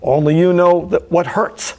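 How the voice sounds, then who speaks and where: A man's voice: high-pitched, fairly even intonation, a little slow, gravelly, darkish tone. A man giving opening remarks as a motivational speech, telling stories and repeating key phrases for emphasis.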